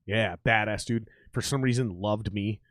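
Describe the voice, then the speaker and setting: A man's voice: fairly low pitch, fairly even intonation, normal speed, a bit bright, no echo. A man hosting a podcast, telling profane bar stories in casual chat and laughing often. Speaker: podcast host.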